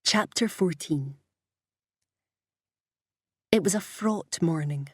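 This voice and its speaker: A woman reads a novel aloud in a measured, even manner. Her voice is husky and low, and the close mic gives it a dry, close sound with no room in it. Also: no room sound. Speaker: audiobook narrator. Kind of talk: scripted narration.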